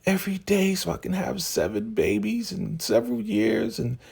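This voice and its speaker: A rattled young woman held captive, her voice thin and squeaky in a high falsetto, as a man acts her out. She pleads quickly and anxiously. The voice sits far above a normal speaking range. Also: sing-song, creaky, a little mellow, husky, full character voice.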